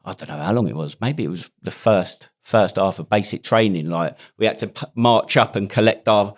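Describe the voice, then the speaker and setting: A man's voice: fairly low pitch, normal speed. A man, a podcast host and army veteran telling stories in casual, laughing banter. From United Kingdom. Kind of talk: casual chat.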